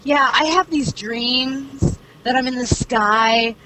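A woman's voice: high voice, slow pace, noisy background, voice pushed up. A young woman quoting a ditzy, open young girl from an anime in a light, dreamy way. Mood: airy.

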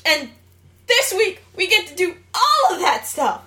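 A woman's voice: extremely high pitch, sing-song, a little slow, bright, forceful tone. A young woman co-hosting a casual gaming and gadget podcast, bubbly and jokey, rambling with fillers. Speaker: podcast co-host.

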